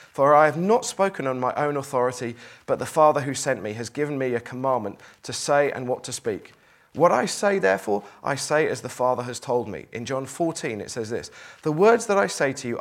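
Man preaching an animated sermon. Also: medium pitch. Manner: animated preaching, reads scripture aloud with emphasis.

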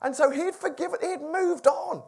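A preacher gives an informal Bible talk to a small group, reading a passage and chatting about it. The delivery is conversational and relaxed, with frequent questions to the listeners. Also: sits high, moderate pace, creaky. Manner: conversational, asks the audience questions.

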